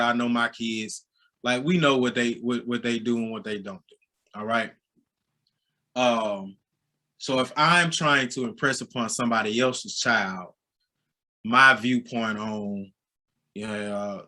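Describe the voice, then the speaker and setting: A man in his forties, a high school basketball coach with a Southern American accent, telling stories in a casual interview and getting loud and animated as he goes. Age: 40s. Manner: storytelling, gets loud and animated when excited.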